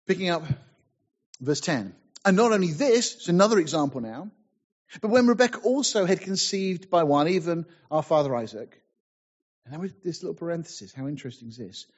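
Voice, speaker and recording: An earnest male preacher with a voice pitched a little high, working through scripture verse by verse and stopping to stress the point. The recording is dull and lo-fi. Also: animated, brisk. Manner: earnest, reads scripture aloud in King James wording; explains passages with emphatic asides. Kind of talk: sermon with scripture reading.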